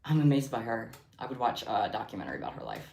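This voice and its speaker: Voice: medium pitch, big pitch swings, fast, vocal fry, a little mellow, slight background noise. A livestream host chatting casually while crafting, giggly and rambling off on tangents. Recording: roomy echo.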